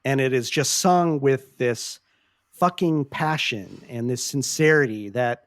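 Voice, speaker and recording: This podcast host has a mid-range voice and speaks a little slowly, recorded with studio quality and no room sound. His casual talk is earnest and passionate, peppered with swearing, and he often restarts sentences while groping for words.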